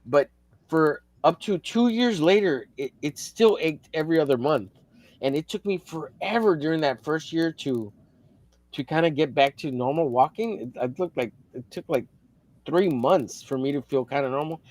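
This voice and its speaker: A man's voice: on the high side, expressive, normal speed, darkish tone. A man in casual livestream chat, telling a long story in a rambling, profane way with many restarts. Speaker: co-host of a drawing livestream.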